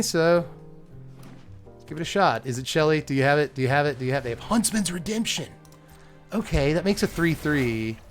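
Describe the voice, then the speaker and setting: A young man giving live commentary on his own card game, excitable and muttering, groaning at bad draws. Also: on the high side. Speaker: gaming content creator.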